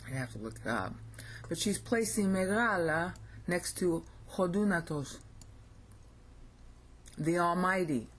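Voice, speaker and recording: A woman's voice: on the low side, animated, unhurried, pauses often, slightly rough. A woman with an American accent giving an informal recorded lesson, thinking aloud and often checking in with "okay?". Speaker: language teacher.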